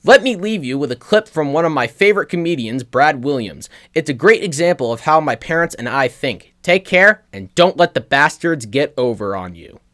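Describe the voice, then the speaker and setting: A young man giving stern, measured scripted narration in a warning tone. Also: fairly high pitch, animated, fairly bright tone. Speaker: video narrator.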